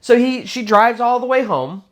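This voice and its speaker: A man's voice: extremely high pitch, expressive, normal speed. A man telling a spooky true story in a casual, conversational way, full of little fillers. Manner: conversational, many fillers like "kind of" and "sort of".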